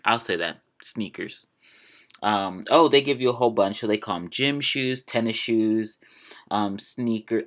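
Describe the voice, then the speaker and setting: A man's voice: on the low side, measured pace, fairly bright tone. A young man hosting a casual vlog, chatty and rambling, laughing at himself as he goes. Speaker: vlog host. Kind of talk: casual solo vlog chat.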